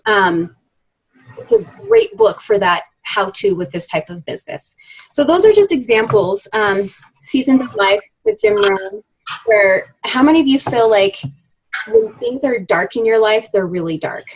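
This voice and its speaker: A woman's voice: fairly high pitch, very animated, unhurried, vocal fry, a little hiss or hum, rough recording. A woman in her thirties coaching her team in a casual live video chat, chatty and upbeat with many fillers.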